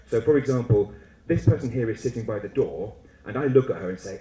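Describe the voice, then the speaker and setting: A man giving a lively, humorous conference talk to teachers, acting out little classroom scenes as he goes. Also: medium pitch, brisk. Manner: animated, humorous, acts out student and teacher voices. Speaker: conference speaker. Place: lecture hall. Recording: echoey lecture hall.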